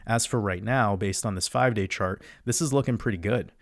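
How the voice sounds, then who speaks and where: Lower-voiced man talking through market charts. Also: a little fast, dry recording, clean studio sound. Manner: casual, repeats chart steps, frequent fillers and restarts. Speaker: crypto chart analyst host. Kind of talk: solo chart-walkthrough commentary.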